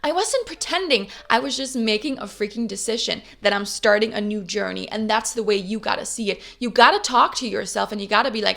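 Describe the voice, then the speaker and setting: A woman's voice: mid-range voice, brisk, gravelly, hardly any pauses, pushed and bright, faint music behind. A woman in her twenties, a vlogger, talking casually and upbeat to camera with motivational pep-talk energy and casual swearing. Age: 20s.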